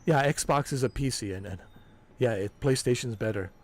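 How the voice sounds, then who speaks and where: A man's voice: mid-range voice, moderate pace, lightly acted. A man putting on the voice of a whiny, anxious male console fanboy, stammering and breathless as a mocking send-up on a game stream. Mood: fumbling.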